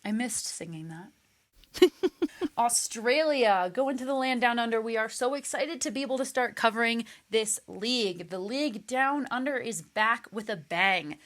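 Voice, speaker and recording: A woman hosting a casual sports podcast, animated and enthusiastic. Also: fairly high pitch, moderate pace. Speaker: podcast host.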